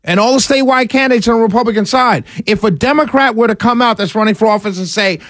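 A male radio host, delivering a sarcastic, animated talk radio monologue. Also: sits high, quick pace, no room sound, studio quality.

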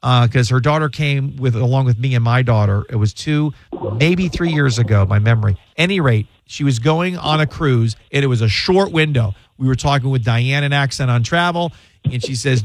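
A middle-aged man hosts a call-in radio show from a studio, speaking at a medium pitch and moderate pace into a studio mic with no room sound. He gives advice in a rambling way, full of fillers and repeated words.

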